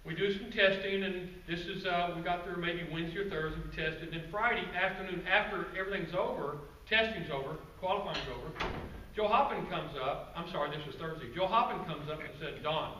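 A man giving a guest-speaker presentation to a club audience, telling stories in a relaxed, conversational way with asides to the crowd. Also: high-pitched, brisk, few pauses. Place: meeting room with an audience. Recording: roomy, distant, faint background noise.

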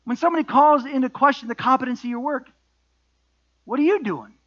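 A man's voice: very high-pitched, fast talker, a bit bright, lo-fi sound. A middle-aged man preaching a sermon as pastor, emphatic, with repeated refrains and rhetorical questions.

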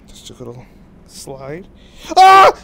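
A man streaming a game live, yelling reactions and making mock-heroic boasts at a desk mic. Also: sits high, expressive, measured pace.

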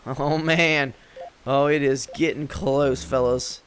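A man's voice: mid-range voice, steady tone, slow pace, fairly bright tone, slight background noise. A man giving let's play commentary, swearing and yelping in frustration as he plays. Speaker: gameplay commentator.

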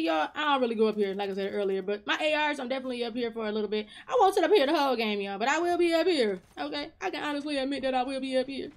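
A woman hosting her own gaming channel, giving chatty, excitable commentary over her gameplay and talking straight to her viewers. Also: high-pitched.

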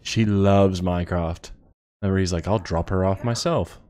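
A man's voice: sits low, fairly even intonation, normal speed, darkish tone, clean tone. A man co-hosting a movie reaction, chatting casually and cracking teasing jokes. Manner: wisecracking, teasing.

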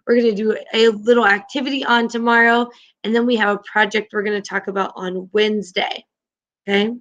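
Upbeat encouraging woman teacher, bright. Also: mid-range voice, fairly even intonation, a little fast, highs cut off. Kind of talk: online class lesson.

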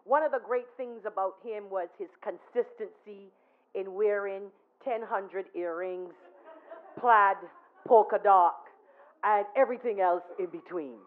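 A woman's voice: medium pitch, moderate pace. A woman giving a chatty, anecdotal tribute at a memorial, telling stories and checking in with her listeners. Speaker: eulogy speaker at a memorial. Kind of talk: storytelling tribute. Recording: tinny phone-like recording.

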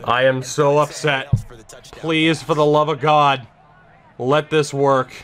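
Slow-talking young man narrating a football game. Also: little pitch movement, faint music behind. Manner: emotional, swears often, shifts from tense muttering to high yelling. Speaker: gaming YouTuber. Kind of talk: gameplay commentary.

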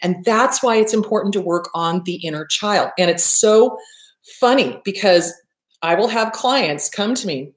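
A woman's voice: mid-range voice, unhurried, reverberant. A woman therapist hosting a self-help talk, blunt and emphatic, swearing freely and repeating her points for effect. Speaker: therapist and host.

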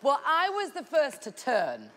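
Bubbly high-voiced woman coach. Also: huge pitch swings, unhurried, fairly bright tone, some chatter behind. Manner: bubbly, laughing, gushing. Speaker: talent show coach. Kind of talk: casual banter on a TV talent show. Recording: noisy studio with audience.

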